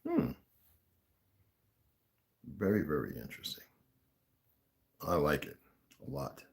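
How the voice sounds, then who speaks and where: A man's voice: a bass voice, sing-song, slow, creaky. A man talking casually to his viewers, rambling with many restarts and asides.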